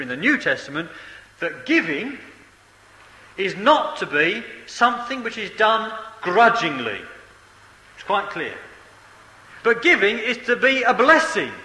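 A man's voice: sits high, pushed and bright. A man preaching a sermon in a hall, emphatic and repeating key phrases for effect. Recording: echoey hall with long reverb.

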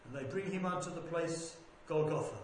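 High-voiced man reading scripture in echoing room. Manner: measured, deliberate reading that rises for quoted speech. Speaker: scripture reader. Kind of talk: bible reading aloud. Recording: very echoey room with faint background noise.

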